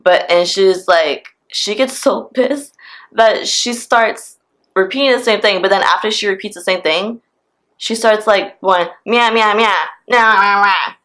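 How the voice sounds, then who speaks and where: A woman in her twenties telling a storytime vlog, in a casual, profane and animated way. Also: medium pitch, unhurried. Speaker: vlogger.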